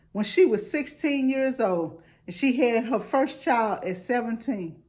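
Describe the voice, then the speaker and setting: A middle-aged St. woman with a high, bright voice tells family stories in a loose, chatty way. She acts out the quotes in animated turns. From St. Louis, USA. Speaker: storyteller. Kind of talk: casual storytelling.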